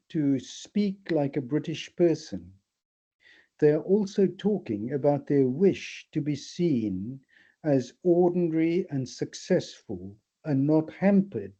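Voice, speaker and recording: An older man from South Africa, a therapist, talking things through in a thoughtful, animated way with many restarts. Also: on the high side. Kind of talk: reflective discussion. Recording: slightly dull lo-fi audio.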